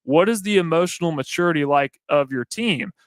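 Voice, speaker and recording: A man's voice: on the high side, animated, brisk, no echo. A man with a Southern accent co-hosting a sports talk show, earnestly breaking down football games point by point. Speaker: sports radio co-host.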